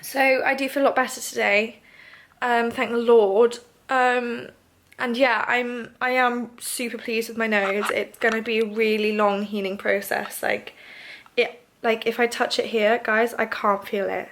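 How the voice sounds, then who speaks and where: A woman's voice: fairly high pitch, level tone, a little slow, a bit bright, slight background noise. A young woman talking casually in a video diary, nasal and congested, chatty and emotional. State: congested, nasal after surgery. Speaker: vlogger.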